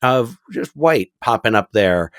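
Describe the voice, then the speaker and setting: A man chats on a movie podcast in a mid-pitched, easygoing voice. He rambles and keeps restarting his thoughts. His voice is dry and close to the mic. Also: expressive, unhurried, a bit bright, clear, resonant tone, no echo. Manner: rambling, restarts sentences, laughs often. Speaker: podcast co-host, teacher. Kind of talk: casual movie podcast chat.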